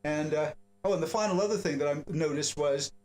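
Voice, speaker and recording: A man casually telling a travel anecdote, quick and meandering with many restarts. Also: on the high side, darkish tone. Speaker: musician guest.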